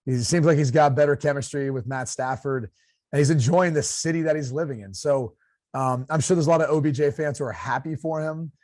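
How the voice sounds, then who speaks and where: A man's voice: fairly high pitch, fairly quick, a little mellow, no room sound, clean studio sound. Chatty man hosting sports talk. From Ohio. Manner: chatty, thinks aloud, frequent fillers and repeats. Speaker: show host and former player.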